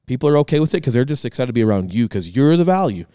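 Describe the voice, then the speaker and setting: A man's voice: mid-range voice, sing-song, very fast, mellow, clear, resonant tone, no echo, studio quality. A man in his thirties co-hosting a podcast, talking casually and energetically, swearing freely for emphasis. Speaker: podcast co-host.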